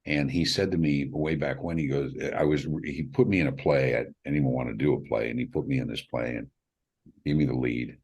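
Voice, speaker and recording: Middle-aged male director, very low and husky, animated storyteller who performs the voices of people he quotes. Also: brisk. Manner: animated, acts out quoted voices with big pitch jumps, laughs. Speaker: film director. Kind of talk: casual interview storytelling.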